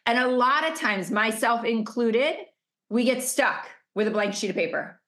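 Emphatic, fairly high-voiced woman coach. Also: normal speed, fairly bright tone. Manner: emphatic, repeats rhetorical questions. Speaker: business coach. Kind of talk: motivational masterclass talk. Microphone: video call.

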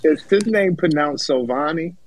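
A man's voice: on the high side, lively intonation, moderate pace, over a noisy crowd, low-quality recording. A man co-hosting a casual chat, teasing and playful, laughing a lot.

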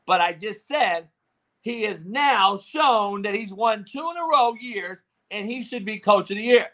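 A man hosting a live show, yelling and cussing as he answers the chat, speaking on a phone held far away. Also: high-pitched. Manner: loud, yelling, profane, confrontational. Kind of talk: profane ranting commentary.

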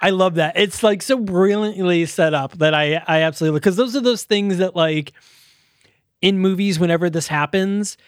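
A man co-hosting a podcast, chatting casually about a film and retelling its scenes with animation and quick laughs. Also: high-pitched, no room sound, studio quality. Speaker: podcast co-host. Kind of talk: casual movie review chat.

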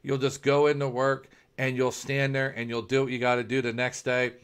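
Earnest preacher, repeating lines. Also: male voice, medium pitch, completely flat delivery, moderate pace, clean tone. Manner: earnest, repetitive, builds with restarts. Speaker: preacher, ministry founder. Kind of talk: sermon.

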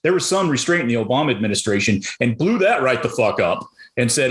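A man's voice: mid-range voice, expressive, fairly quick, roomy sound. A man co-hosting a political talk show who rants angrily and swears a lot. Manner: profane, ranting, shouts in anger. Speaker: podcast co-host. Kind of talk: heated political chat.

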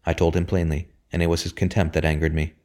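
A man's voice: sits low, level tone, fast, a little mellow, natural voice. A man reading an audiobook voices an earnest, troubled young man speaking steadily.

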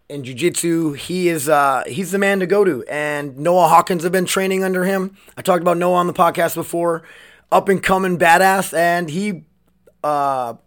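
A man's voice: fairly high pitch, fairly bright tone. Young guy hosting a solo podcast, slightly raised voice, loose and rambling, curses a lot. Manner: rambling, restarts sentences, swears freely. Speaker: podcast host. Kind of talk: casual solo podcast monologue.

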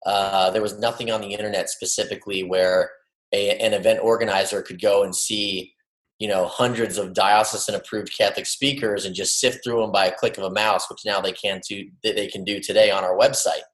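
A man's voice: on the low side, little pitch movement, a little fast, echoey room, rough recording. A man in his late thirties from Cincinnati, a friendly, easygoing podcast guest speaking over a remote call. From Cincinnati, Ohio. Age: 30s. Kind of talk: casual interview talk.

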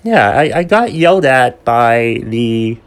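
A young man rants through a solo podcast episode, swearing often and circling back over his own points in exasperation. His voice sits at an ordinary middle pitch, and he talks the way one vents to friends. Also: animated, slow pace. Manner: exasperated, profane ranting storyteller. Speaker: podcast host.

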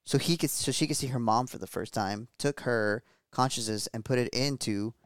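A man co-hosting a podcast, calmly summing up a film's ending with fillers. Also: medium pitch, normal speed, clear, resonant tone, no echo, studio quality. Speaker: podcast co-host. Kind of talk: casual chat.

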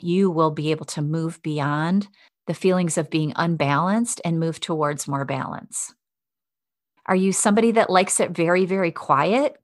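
A woman with a lowish voice talks straight to the listener as a self-help host. She sounds encouraging and kind. The recording is dry and close, with no room sound. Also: dry recording. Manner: warm, encouraging, speaks to the listener directly. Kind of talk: self-help podcast talk.

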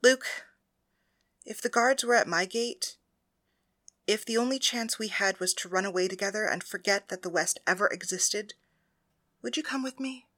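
A woman's voice: mid-range voice, normal speed, long pauses, a bit bright, close to an everyday voice. A woman voicing a young priestess who is loving and anxious in an audiobook reading. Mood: tender.

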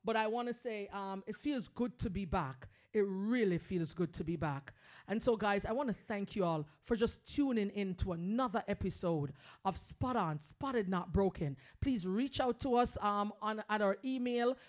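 Brief: woman podcast host, earnest and emphatic, mid-pitched, preachy encouragement. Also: normal speed, a little mellow. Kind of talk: heartfelt motivational podcast talk.

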